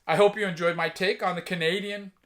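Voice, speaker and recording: A man's voice: sits high, fairly even intonation, fast talker, a bit bright. Laid-back man chatting about records. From United States. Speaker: vinyl collector vlogger. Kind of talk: casual record show-and-tell.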